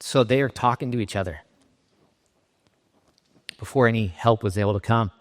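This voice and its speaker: A middle-aged man from Southern California giving a keynote talk, telling a personal story in a halting, emotionally raw way with frequent restarts. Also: fairly low pitch. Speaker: keynote speaker. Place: conference stage in a large hall. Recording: reverberant hall sound.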